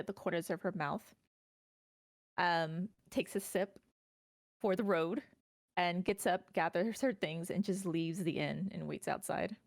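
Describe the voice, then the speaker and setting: Woman, tabletop player, rambling narration, slightly low voice, dry close sound. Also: darkish tone, no room sound. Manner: rambling, many fillers, casual swearing. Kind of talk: casual in-character narration.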